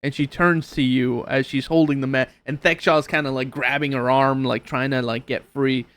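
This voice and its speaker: A man narrating as game master, hesitant and filling pauses with uh and um. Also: mid-range voice, fairly even intonation, a bit bright. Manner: hesitant, lots of uh and um.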